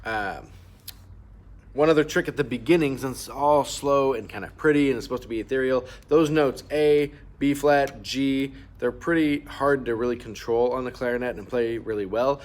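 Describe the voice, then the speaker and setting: A man's voice: medium pitch, moderate pace, a little mellow. A man teaching a clarinet part, patiently explaining fingerings and markings and singing rhythms aloud to show them. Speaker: band teacher. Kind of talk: instrument lesson walkthrough.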